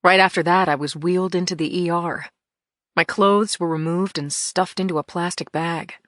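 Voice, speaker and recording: A woman's voice: fairly low pitch, fairly even intonation, normal speed, fairly bright tone, dry recording, studio quality. A woman reading an audiobook in the first person, with tense, emphatic storytelling. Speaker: audiobook narrator.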